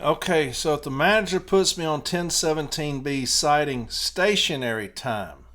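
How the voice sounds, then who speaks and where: A man's voice: mid-range voice, fairly bright tone. Male podcast host, mid-range voice, rallying and profane, repeats for emphasis. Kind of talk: fired-up podcast monologue.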